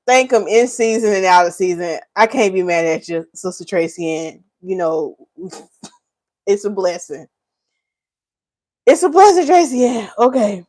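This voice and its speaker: A North Carolina woman with a mid-range voice hosts a casual hair care livestream, reading viewers' comments aloud and teasing them. She speaks unhurriedly with long pauses, laughing often and staying animated in Southern Black vernacular.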